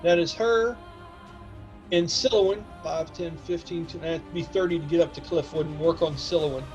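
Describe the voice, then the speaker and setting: A man acting as game master, narrating a tabletop game with lively asides and counting out distances aloud to his players. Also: fairly high pitch, moderate pace, dull audio, over music.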